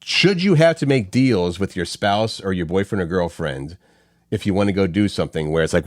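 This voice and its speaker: A man's voice: deep voice, animated, fairly quick, darkish tone, no room sound, clean studio sound. A middle-aged man co-hosting a morning show, telling stories in a rambling way with many restarts. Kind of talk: casual morning-show chat.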